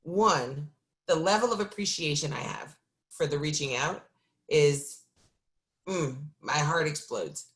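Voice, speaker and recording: A woman city council member speaking on a video call, exhausted and candid, halting with ums and breaking into short laughs as she speaks from the heart. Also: sits low.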